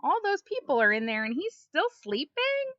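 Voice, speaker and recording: A woman reads a children's picture book aloud in a bright, high, very lively voice. She takes her time, lingers on each line, and stops to chat playfully with the kids. The recording is dry and a little dull. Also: no echo. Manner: slow, expressive read-aloud with playful chatter to the kids. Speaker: storybook reader.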